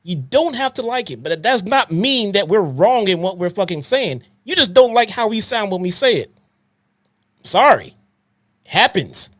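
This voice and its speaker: A man's voice: high voice, very animated, measured pace, fairly bright tone, dry recording, studio quality. A man co-hosting a podcast, lecturing emphatically and swearing as he argues his point. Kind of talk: heated podcast rant.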